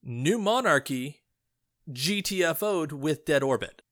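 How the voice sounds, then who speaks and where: A man on a gaming podcast, reading a story aloud in slow, hushed tones, then chatting loudly and excitedly with his co-host. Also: fairly high pitch. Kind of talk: measured story reading, then casual chat.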